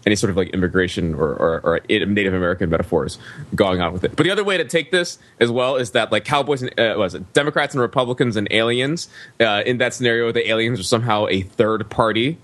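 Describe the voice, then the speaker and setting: A man co-hosting a casual podcast, riffing on jokes in an animated way. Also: lowish voice, fast talker, no room sound. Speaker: podcast co-host.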